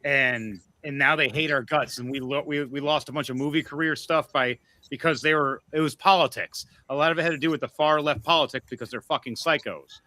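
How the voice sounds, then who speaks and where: A man's voice: on the high side, brisk, few pauses, pushed and bright. A man ranting furiously on a livestream podcast, profane and threatening. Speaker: podcast co-host.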